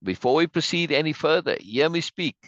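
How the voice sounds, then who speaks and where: A man's voice: fairly high pitch, lively intonation, fairly quick, a bit bright, no echo, lo-fi sound, voice pushed up. A man reading as a fiery rebel citizen rousing a crowd. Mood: urgent. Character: rebellious male citizen leading an angry crowd. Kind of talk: read-aloud play reading.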